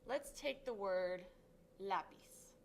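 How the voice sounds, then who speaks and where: A woman's voice: medium pitch, animated, takes it slowly, creaky. Woman tutor walking thru a lesson, upbeat, drags out syllables big for emphasis, bit of faint hiss. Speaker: Spanish tutor. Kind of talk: classroom lesson.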